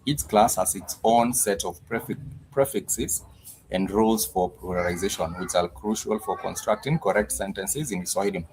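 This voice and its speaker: A man's voice: lowish voice, normal speed, a little mellow, slight background noise, rough recording. A man teaching a language lesson on a live stream, patiently repeating each word several times.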